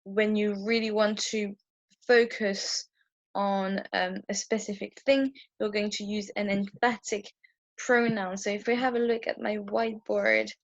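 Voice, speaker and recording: A woman's voice: medium pitch, steady tone, a little slow, no room sound, highs cut off. A woman teaching a French grammar lesson at a whiteboard, explaining patiently with frequent ums and restarts. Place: indoor room with a whiteboard.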